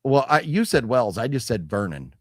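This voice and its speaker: A man's voice: medium pitch, sing-song, fairly quick. A man hosting a casual chat about a movie haul, rambling with restarts and reading chat comments aloud. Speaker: show host.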